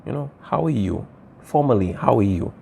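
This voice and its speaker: A man's voice: medium pitch, animated, moderate pace, gravelly, dark tone, husky. A man teaching a Spanish lesson, patiently explaining phrases and often checking in with "okay" and "all right". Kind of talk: recorded classroom lesson, writing on a board.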